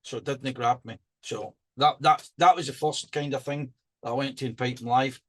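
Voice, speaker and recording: A man's voice: mid-range voice, moderate pace. A man co-hosting a podcast, talking in a chatty, rambling way with many restarts. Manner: chatty and rambling, with frequent restarts and lively rising emphasis. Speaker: podcast co-host. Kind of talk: casual chat.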